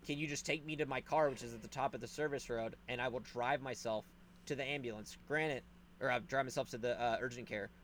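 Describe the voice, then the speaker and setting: A man telling a story in casual podcast chat, animated and profane, acting out the people in it. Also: medium pitch, a little fast, a little hiss or hum. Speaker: podcast host.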